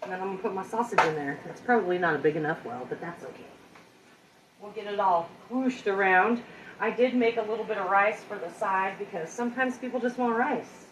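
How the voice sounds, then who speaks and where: A woman's voice: mid-range voice, fairly quick, a little hiss or hum. Woman cooking live, just chatting with viewers, kinda far from the mic, echoey kitchen. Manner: chatty and self-deprecating, talks to viewers directly. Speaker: home cook hosting a live cooking stream. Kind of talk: casual live cooking chat. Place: home kitchen.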